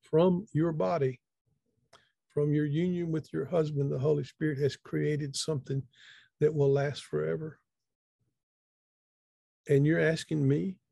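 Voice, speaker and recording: Guy telling a story on a video call, mellow gravelly voice, dry room sound. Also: fairly high pitch, no echo. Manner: folksy, conversational, repeats words as he thinks. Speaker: speaker. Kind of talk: storytelling talk.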